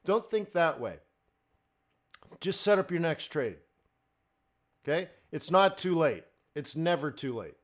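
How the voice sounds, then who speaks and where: A man's voice: fairly high pitch, sing-song, unhurried, pauses often. A middle-aged man hosting a live forex trading stream, talking in a blunt, fired-up, ranting way.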